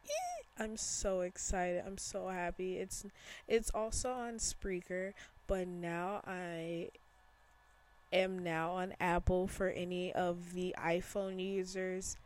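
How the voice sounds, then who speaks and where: A woman's voice: lowish voice, little pitch movement, slow, a little mellow. A young woman from Chicago hosting a casual solo podcast from her bedroom, chatty and rambling, with slang and easy laughter. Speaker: podcast host.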